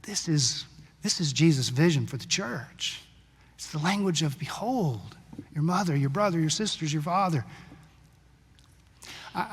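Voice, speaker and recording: A male pastor preaching a sermon in a conversational storytelling way, sometimes brisk, sometimes slow and hushed. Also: on the high side. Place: church sanctuary. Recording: long church-hall reverb.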